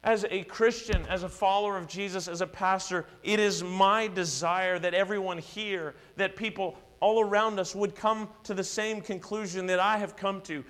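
A man's voice: high-pitched, fairly even intonation, moderate pace, hardly any pauses, a bit bright. A male pastor preaching a sermon, earnest and emphatic, building repeated declarations.

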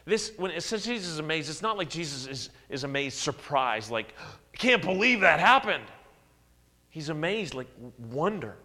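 A man preaching a sermon, his delivery swinging widely in pitch and loudness as he acts out quotes. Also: moderate pace, hardly any pauses, long reverb tail. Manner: animated preaching with dramatic swings in pitch and volume, acted-out quotes. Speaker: pastor.

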